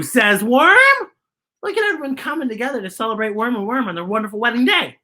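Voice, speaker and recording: Animated woman reading to kids. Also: mid-range voice, normal speed. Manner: playful and animated. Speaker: children's storyteller. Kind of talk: reading a picture book aloud to kids.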